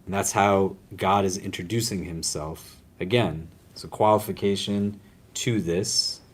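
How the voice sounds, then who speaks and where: A man with a somewhat low voice gives a casual religious lesson as an imam. He keeps it conversational, often checking in with his listeners, and pokes fun at himself along the way. He speaks in a lecture room. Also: steady tone, measured pace, slightly rough. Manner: conversational, often checks in with "right?" and "does that make sense?"; self-deprecating humor. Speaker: imam teaching a class. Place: lecture room at a university Islamic center.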